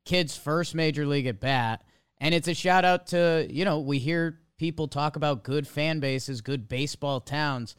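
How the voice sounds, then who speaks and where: A man co-hosting a casual sports podcast, giving upbeat shout-outs. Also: a little high, moderate pace, clean tone, no room sound, clean studio sound. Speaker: podcast co-host.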